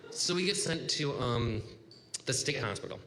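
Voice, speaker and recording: A man's voice: medium pitch, animated, normal speed, a bit bright. A man in his thirties telling a personal story at a live story slam, casual and rambling with lots of "like.". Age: 30s. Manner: casual, rambling, heavy use of "like". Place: bar venue with live audience. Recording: reverberant live room with faint noise.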